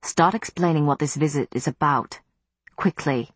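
A stern vampire husband speaks in flat, clipped commands, as a woman reader puts him on. Her voice sits low, in a dry, close recording. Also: normal speed, slightly rough, dry recording. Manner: flat, curt.

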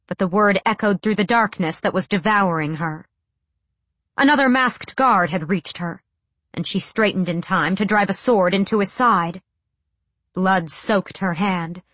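A woman's voice: medium pitch, a bit bright, no room sound. A woman narrating a fantasy audiobook with a dramatic, tense delivery.

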